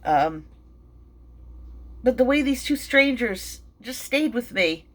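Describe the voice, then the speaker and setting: A middle-aged woman telling an emotional personal story, halting, with many fillers and restarts, and sounding tearful and shaken. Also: a little high, expressive. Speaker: vlogger and mindfulness teacher.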